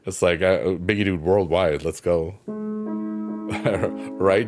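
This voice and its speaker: A deep-voiced man talks slowly and softly on a live stream, musing and responding to comments from his viewers. He speaks in a halting, reflective way, full of little fillers. Chill piano music plays clearly behind him. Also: fairly even intonation. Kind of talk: casual livestream chat reading viewer comments.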